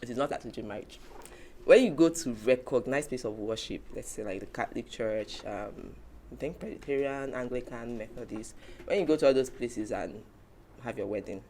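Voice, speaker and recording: A woman's voice: extremely low pitch, a little fast, dark tone, a little hiss or hum. A woman hosting a casual talk show, explaining points from her notes. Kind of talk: casual panel chat.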